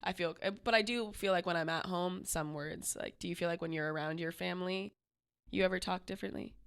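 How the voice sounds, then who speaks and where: A woman's voice: on the low side, steady tone, a little fast, creaky, clear, resonant tone. A woman from the Boston area co-hosting a podcast, talking in a direct, casual way with lots of fillers. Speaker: podcast co-host. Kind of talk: casual chat.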